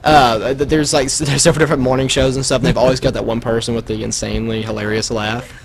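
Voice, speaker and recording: A young man with a slight Southern US accent hosting a casual school radio show, animated and laughing, with high excited bursts. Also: quick pace, gravelly, noisy background. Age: teens to young adult. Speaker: student radio host.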